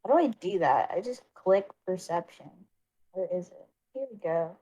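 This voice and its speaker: A woman's voice: fairly low pitch, expressive, moderate pace, warm tone, muffled recording. A woman playing a tabletop game, chatting casually and swearing freely. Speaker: player.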